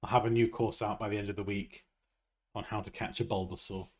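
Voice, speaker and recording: A man's voice: on the low side, flat delivery, fairly quick. A man hosting a design livestream, thinking aloud as he works and tossing out teasing, jokey asides, on a close desk mic.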